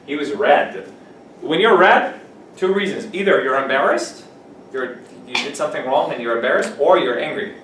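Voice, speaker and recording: A male English teacher takes his class through vocabulary, giving example sentences and asking the students questions. He is picked up from across an echoey classroom, with a soft hum of room noise behind him. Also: mid-range voice, a little fast. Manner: explains words with examples, asks students questions. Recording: echoey classroom mic from a distance.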